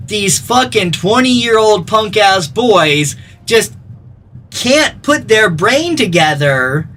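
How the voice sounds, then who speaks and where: A man's voice: sits high, animated, slow, bright, forceful tone, far from the mic. A man in his thirties chatting casually as a gaming streamer, rambling, blunt and profane. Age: 30s. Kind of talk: casual off-the-cuff chat. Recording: voice a little off-mic with faint music. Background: faint music.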